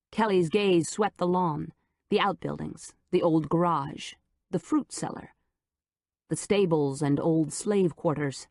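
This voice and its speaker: A woman narrating an audiobook in a measured, low-key manner on a close studio mic. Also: vocal fry, a little mellow, dry recording. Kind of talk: scripted narration.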